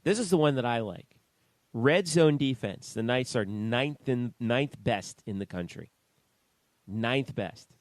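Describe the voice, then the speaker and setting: A man co-hosting a sports talk podcast, reading out statistics in a slow, measured way. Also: medium pitch, lively intonation, no room sound. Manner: reads out stats in a slow, measured way. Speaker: podcast co-host.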